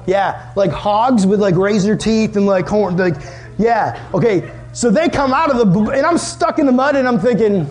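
Young male youth pastor, high voice, chatty and animated sermon delivery with filler words. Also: normal speed. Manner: animated storytelling, many "like" fillers.

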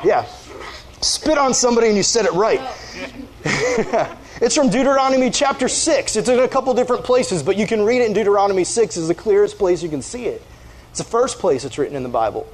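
A man giving a casual, energetic youth sermon, joking with his listeners. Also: high-pitched, a little hiss or hum. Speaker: youth pastor.

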